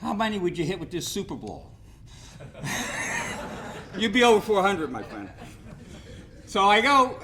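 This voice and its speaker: A man's voice: on the high side, a bit bright. A man gives a rambling, joking hall of fame speech full of anecdotes. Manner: rambling storyteller, self-deprecating jokes. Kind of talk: after-dinner speech with anecdotes.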